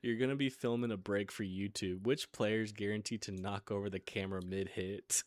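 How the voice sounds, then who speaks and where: A man's voice: lowish voice, steady tone, normal speed, no echo. A man hosting a casual chat, reading playful questions and laughing often. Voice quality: laughs often while asking. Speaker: podcast host asking questions.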